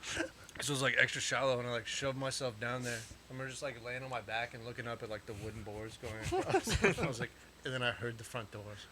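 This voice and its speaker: A man's voice: medium pitch, fast, a crowd in the background. A man co-hosting a podcast in casual chat, teasing the others and tossing in jokes. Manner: joking, teasing, drops punchlines. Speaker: podcast co-host.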